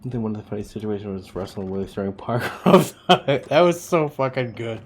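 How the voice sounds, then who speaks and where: A man's voice: lowish voice, fairly quick, a little hiss or hum. A man streaming a game, chatting casually with viewers while he plays, rambling and swearing freely. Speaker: livestreamer.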